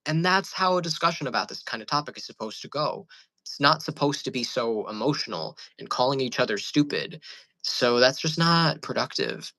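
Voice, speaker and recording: A man's voice: mid-range voice, big pitch swings, normal speed, sharp tone, no room sound, poor audio. A man talking casually to camera, rambling through amused stories with many fillers and restarts. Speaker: channel host.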